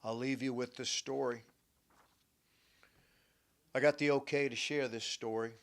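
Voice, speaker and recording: An older man, hosting a talk show as a therapist, telling stories emphatically and swinging from hushed to loud. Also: mid-range voice, fairly even intonation, unhurried. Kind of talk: radio-style talk monologue.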